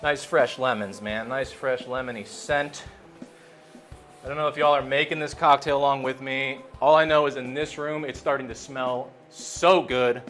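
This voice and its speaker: A man's voice: medium pitch, fairly even intonation, moderate pace, fairly bright tone, soft background music. A man who works as a bartender, talking casually and chattily while he makes a cocktail. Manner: laid-back, chatty, says "man" a lot. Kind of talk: casual cocktail-making demo.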